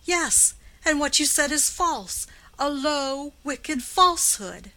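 Woman acting a proud young wife, high biting voice, loud and sharp, audiobook. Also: a little slow. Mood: biting anger. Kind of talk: audiobook character reading.

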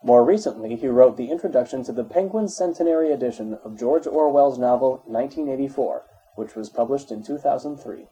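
A man reads an encyclopedia article aloud in a steady, even way. His tone is very dark and mellow, with a husky grain. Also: mid-range voice, a little fast, poor audio. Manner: steady, even reading, spells out dates in full. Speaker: narrator.

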